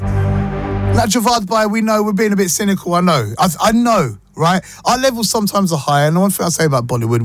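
A man hosts a breakfast radio show, chatting and joking with a slightly high voice. A clear music bed plays under his talk. His delivery is casual, animated banter.

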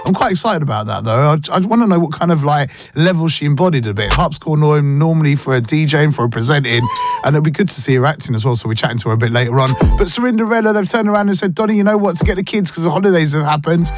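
A male breakfast radio presenter, talking in a chatty, playful way and sending listeners shout-outs. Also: on the high side, lively intonation, fast talker, over music.

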